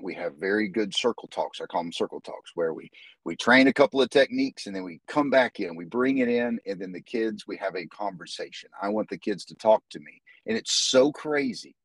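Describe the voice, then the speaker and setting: Low-voiced man telling stories, dry sound. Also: moderate pace, no echo, low-quality recording. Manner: animated storyteller, many restarts. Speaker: jiu-jitsu instructor, guest. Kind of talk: casual podcast interview.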